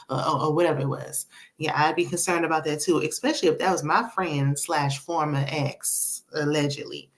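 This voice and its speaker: A woman's voice: sits low, normal speed. A woman hosting a casual reality TV recap, sassy and chatty, tossing in "child" and "honey" and laughing between remarks.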